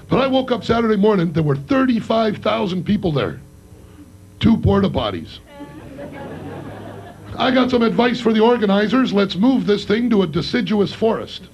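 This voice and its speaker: Loud gravelly guy hosting a comedy night, rowdy, muffled old tape. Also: high-pitched. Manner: loud, rowdy, hyped delivery. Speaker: comedy show emcee and comic. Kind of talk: stand-up comedy set. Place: comedy club stage. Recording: dull lo-fi live club recording.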